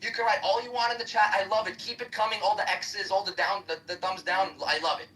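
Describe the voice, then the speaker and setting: Fast, forceful, profane ranting man. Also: high voice, steady tone. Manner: aggressive, profane, combative ranting. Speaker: live-stream debater. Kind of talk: heated live-app debate rant. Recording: voice distant from the mic.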